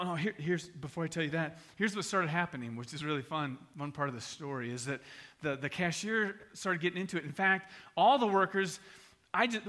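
A male pastor preaching a sermon, telling a story with animated energy and then dropping to a hushed, earnest appeal. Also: high voice.

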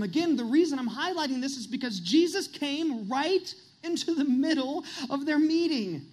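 A man's voice: extremely high pitch, a little mellow. A middle-aged man preaching a sermon as pastor, earnest and confessional, building to emphatic peaks.

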